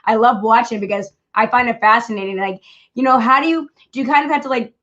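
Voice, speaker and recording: A woman's voice: on the high side, fast talker, a bit bright, muffled recording. A woman hosting an interview, asking chatty, eager questions full of fillers in a casual conversation. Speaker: interview host.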